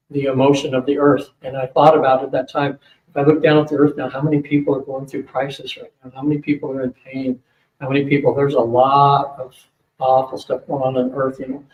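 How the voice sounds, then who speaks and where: An older man speaking at a psychic fair, telling a long rambling story to an audience, with many fillers and quick asides. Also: mid-range voice, darkish tone. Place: hotel event room. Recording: roomy, distant mic with faint hum.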